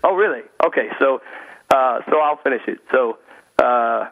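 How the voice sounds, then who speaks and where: A man calling into a radio show as a guest, telling stories in an animated, chatty way. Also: medium pitch, normal speed, creaky. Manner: animated storyteller, frequent "you know" fillers. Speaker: guest speaker and comedian. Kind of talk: casual radio interview. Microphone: phone call-in. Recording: tinny phone line.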